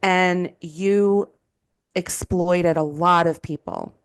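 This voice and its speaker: A woman's voice: fairly low pitch, steady tone, takes it slowly, clear, resonant tone. A woman co-hosting a casual podcast, talking emphatically and chiming in with agreement. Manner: emphatic, frequent agreeing fillers. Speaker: podcast co-host.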